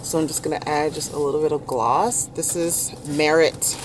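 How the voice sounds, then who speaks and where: A woman's voice: low-pitched, fairly even intonation, moderate pace, background noise. A woman, chatting casually to viewers in her vlog. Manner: chatty, addresses viewers as y'all. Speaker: vlogger.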